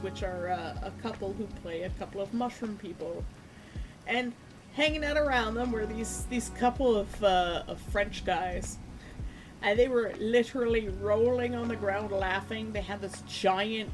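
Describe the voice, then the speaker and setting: Animated woman telling a story over music. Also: mid-range voice. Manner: animated, laughing, acts out quoted voices. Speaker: streamer. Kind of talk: casual storytelling while painting. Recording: lo-fi music playing underneath.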